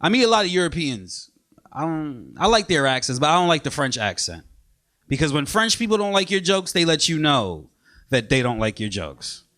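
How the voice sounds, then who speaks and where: Animated high-voiced New comic. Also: male voice, normal speed. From Brooklyn, New York. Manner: animated, punchy delivery with mock voices. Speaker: stand-up comedian. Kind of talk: stand-up comedy set. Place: comedy club stage with audience.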